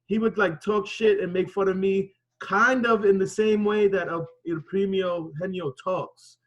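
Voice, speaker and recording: A man gives a classmate casual, rambling feedback peppered with swearing. His voice sits high for a man. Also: fairly even intonation, a little slow, dull audio. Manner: loose, rambling, profane. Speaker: wrestling student. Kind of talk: casual critique.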